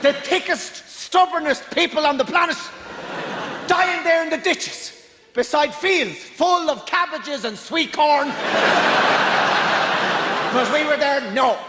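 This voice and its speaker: A male stand-up comedian delivering a loud comic rant. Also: extremely high pitch, slow, long pauses. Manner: loud, ranting. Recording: echoey hall with noise.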